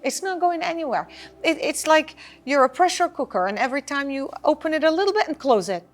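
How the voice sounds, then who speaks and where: A woman parenting coach answering interview questions, talking in an animated, emphatic way and repeating phrases for effect. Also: sits high, very fast.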